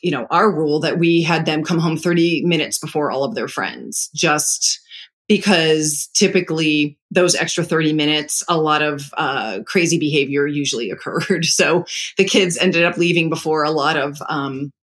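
A middle-aged parenting advisor speaks casually in a calm, measured way at medium pitch, explaining ideas through stories from their own family.

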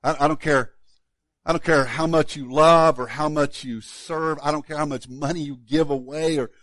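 A man, a pastor, preaching a sermon in a relaxed, conversational way, often repeating words as he restarts a thought. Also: a little high, normal speed, no echo.

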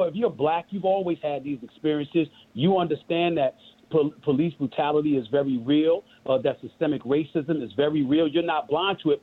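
A middle-aged guest from Queens, New York, with a matching accent, speaks in an impassioned interview over a thin, phone-like line. His voice is on the high side and a little husky. Forceful and emphatic, he preaches, repeating phrases like a sermon to hammer his point home.

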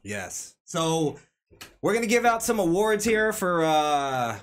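A man's voice: fairly high pitch, big pitch swings. Man hosting with mock-grand announcing. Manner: playful, mock-grand announcing with drawn-out phrasing. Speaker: podcast host. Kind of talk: casual podcast banter.

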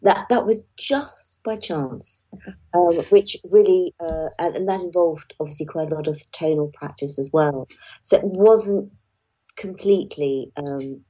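A woman's voice: lowish voice, measured pace, dark tone, slightly rough, low-quality recording. A woman, an audiobook narrator, answering questions hesitantly with many fillers. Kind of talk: casual discussion.

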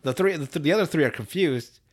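Casual male podcast host, higher voice, profane and rambling. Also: expressive, quick pace, breathy edge. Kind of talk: casual episode recap.

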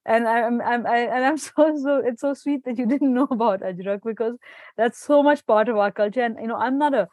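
A woman from Pakistan talking in a casual panel conversation, often pausing and restarting as she searches for words. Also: on the high side, darkish tone, dry recording.

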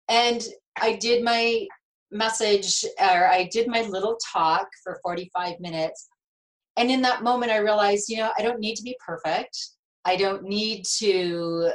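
Animated middle-aged woman telling her story. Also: mid-range voice, normal speed, rough recording. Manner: animated, emotional storyteller with laughs and restarts. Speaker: guest, nurse and speaker. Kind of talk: conversational interview storytelling.

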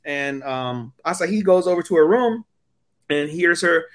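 A man co-hosting an anime podcast, chatting casually, swearing often and acting out scenes in high put-on voices. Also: expressive, unhurried. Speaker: podcast co-host.

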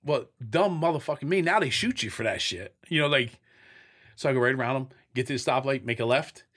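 A man's voice: medium pitch, fairly quick. A middle-aged man, an interview guest, telling his stories candidly, with profanity and sound effects. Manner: profane, blunt, animated storyteller acting out scenes. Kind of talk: candid storytelling in a sit-down interview.

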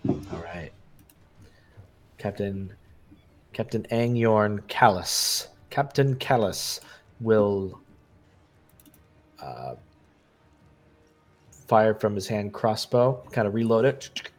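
A man narrating as game master while losing his voice, relaxed, with many fillers. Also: on the low side, drawn-out words, pauses often.

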